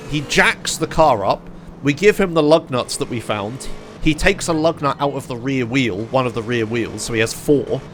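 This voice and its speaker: A man's voice: mid-range voice, fairly bright tone, slight background noise. A young British man, a streamer, telling a rambling story to his chat, swearing freely and full of fillers.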